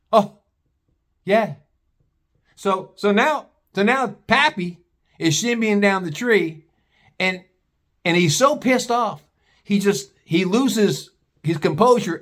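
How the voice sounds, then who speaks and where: A man telling a story in a casual, animated way, swearing freely. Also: a little high. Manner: animated, profane, conversational.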